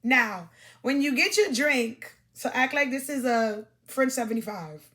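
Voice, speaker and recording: Bright-voiced woman coaching with emphasis. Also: high voice, lively intonation, a little slow. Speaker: podcast host giving dating advice. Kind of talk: instructional monologue with demonstrations.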